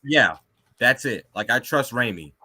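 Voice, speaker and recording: A man co-hosting a podcast with a bright, sharp-edged voice that swings widely in pitch. He talks bluntly and animatedly and swears without a second thought. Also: animated, measured pace, slight background noise. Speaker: podcast co-host. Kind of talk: casual podcast chat.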